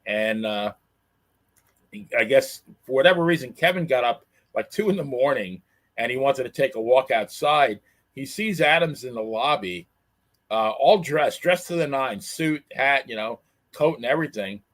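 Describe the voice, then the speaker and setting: Halting casual man on a podcast. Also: mid-range voice, expressive, fairly bright tone. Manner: halting, lots of fillers and restarts. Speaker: podcast co-host. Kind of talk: casual chat.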